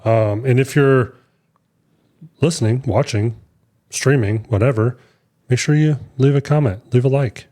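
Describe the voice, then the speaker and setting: A young man chatting on his podcast, wandering through stories with lots of fillers and false starts. His voice sits at an ordinary middle pitch, and he talks like someone among friends. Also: measured pace, pauses often, mellow. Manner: rambling storyteller, many fillers and restarts. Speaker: podcast co-host. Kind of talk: casual chat.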